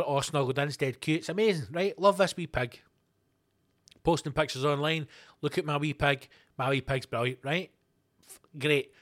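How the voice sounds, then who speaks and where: On his own show, a middle-aged Scottish podcast host launches into a casual solo rant, his voice pitched a bit higher than most men's. He swears freely, wanders from one tangent to the next, and tells his stories with lively, animated energy.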